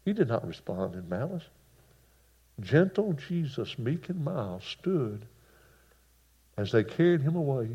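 A man preaching a sermon, folksy and emphatic, moving between hushed passages and loud bursts. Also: mid-range voice, sing-song, measured pace, long pauses, slightly rough. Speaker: pastor. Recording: dull lo-fi sound.

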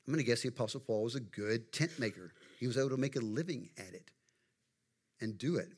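Folksy middle-aged preacher, conversational sermon. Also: male voice, mid-range voice, animated, quick pace. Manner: conversational, folksy, asks the congregation questions. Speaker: pastor.

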